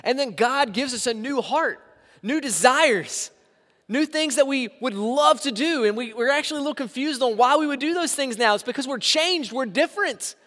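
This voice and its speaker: A man's voice: very high voice, expressive, normal speed, fairly bright tone. A man preaching a sermon as pastor in a church sanctuary, with emphatic swings in volume. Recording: reverberant hall sound.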